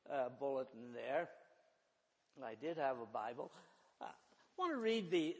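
A man preaching a sermon, halting and repeating words as he thinks aloud. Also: high-pitched. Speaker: pastor. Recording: reverberant church hall.

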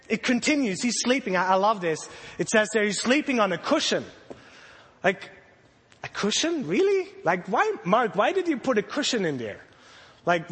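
A man preaching a sermon to children and a congregation, telling the story with animated energy and acting out the voices of the disciples. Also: high voice. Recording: long hall reverb.

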